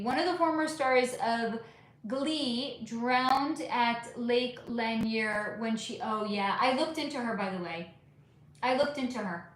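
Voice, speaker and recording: A woman hosting a live spiritual reading stream and answering viewers' questions as they come in. She talks casually and rambles, with lots of fillers. Her voice is fairly high and rings out in a very echoey room. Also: a little hiss or hum. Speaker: spiritual reader and channel host.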